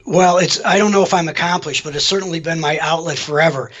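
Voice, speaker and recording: A male guest speaks over a video call in a bright, forceful voice that sits slightly high. He talks in a relaxed, frank way, as if chatting with an old colleague. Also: quick pace, highs cut off. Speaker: guest, former floor trader. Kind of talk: casual interview chat.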